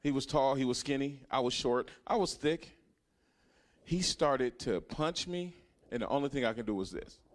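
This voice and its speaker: Guy in his 30s doing stand-up on a club stage, swearing a lot, goes from quiet to loud fast. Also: medium pitch, expressive. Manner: storytelling, profane, swings from hushed to loud. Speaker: stand-up comedian. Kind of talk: stand-up comedy set.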